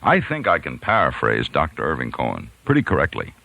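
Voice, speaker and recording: A deep, low-pitched man spins a yarn with a lively, rising and falling voice that leaps up when he acts out the people in it. His tone is bright and forceful, and the recording is dry and close. He laughs now and then as he tells it, like a practiced radio storyteller. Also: a little fast, vocal fry, dry recording, poor audio. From New York. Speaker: radio host telling a story. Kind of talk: storytelling monologue.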